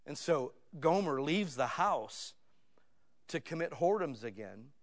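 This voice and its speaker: A man's voice: on the high side, unhurried. Fifty-something male preacher telling stories. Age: 50s. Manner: storytelling, swings from hushed to loud and excited; conversational, addresses listeners as "guys". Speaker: pastor. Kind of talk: sermon.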